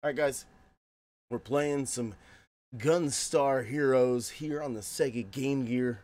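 A man's voice: medium pitch, slow pace, darkish tone. A man streaming games live, joking around and greeting his chat by name in a goofy way. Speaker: game streamer chatting with viewers.

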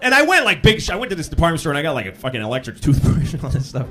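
A man doing a stand-up set on a club stage, telling stories and breaking into loud yells for punchlines, with the audience laughing behind him. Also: fairly high pitch, rapid-fire, background noise. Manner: animated storytelling, bursts into loud yells for punchlines. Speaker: stand-up comedian.

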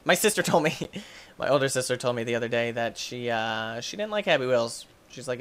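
A young man playing a video game and commenting on it, excitable, yelping and laughing often. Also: medium pitch, a little fast. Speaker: gaming YouTuber.

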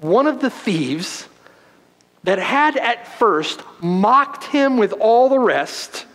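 Male preacher, unhurried delivery, big swings between loud stress and hushed lines, long church reverb. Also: very animated. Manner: dramatic preaching, swinging from loud emphasis to hushed low tones. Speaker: pastor. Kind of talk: sermon. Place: church sanctuary.

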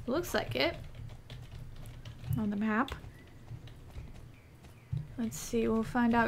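Une jeune vidéaste au timbre haut perché qui commente son jeu sur un ton emballé. Elle s'exclame et s'attendrit sans cesse devant les animaux à l'écran. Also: female voice, fairly high pitch, slight background noise. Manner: gushing, squealing over cute animals. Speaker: gaming YouTuber. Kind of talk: excited gameplay commentary.

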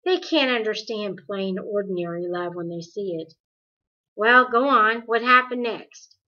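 A woman doing a soft-spoken teenage boy. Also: medium pitch, expressive, a little slow. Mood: gentle. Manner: soft and gentle. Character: gentle teenage boy, calm and kind. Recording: dull lo-fi recording.

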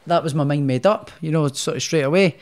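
Talking fast at a fairly high pitch, a boxer rambles through his story in a casual podcast interview, restarting many times along the way.

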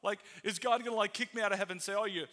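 A middle-aged pastor from Iowa preaches to his congregation in a loose, conversational way. He acts out little quoted exchanges and leans on fillers like "uh" and "like". His voice sits high and sounds very bright and forceful. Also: fairly even intonation, rapid-fire. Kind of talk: conversational sermon. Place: church sanctuary.

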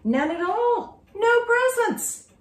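Woman doing a high, eager little girl. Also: sing-song, unhurried. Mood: frantic. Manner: high-pitched, eager and exclaiming. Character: excited little girl hunting presents. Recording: roomy, distant from mic.

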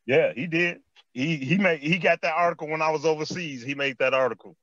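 Here the ex-basketball player with the Chicago accent sounds a little high and a little fast, on dull audio with no room sound. He tells stories animatedly in an interview, street-style, circling back on phrases and saying "man" again and again.

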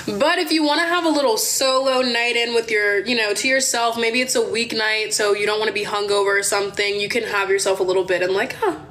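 A young woman from Maryland telling a wild story on her phone livestream, chatty and animated, swearing and calling her viewers y'all. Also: mid-range voice, slight background noise. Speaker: livestream host.

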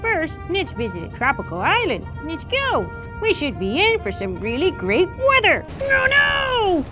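A woman voicing a cheerful young gummy gator pirate in a kids' pretend-play video, full of excited whoas and squeals. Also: very high-pitched, measured pace, heavily acted. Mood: panicked. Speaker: show's title character. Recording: music playing behind.

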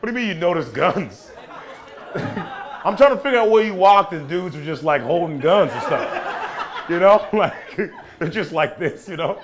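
A high-voiced young American man works a live club crowd, teasing and questioning the people in front of him with playful energy. His stage mic picks up bursts of audience laughter all through the set. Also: a little slow. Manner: animated, playful, talks back to the audience. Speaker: stand-up comedian. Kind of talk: stand-up crowd work.

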